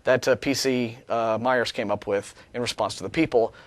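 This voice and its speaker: A man co-hosting a studio talk show, talking in a sarcastic, animated way, with many restarts. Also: mid-range voice, moderate pace, no room sound. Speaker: co-host. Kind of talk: casual studio discussion.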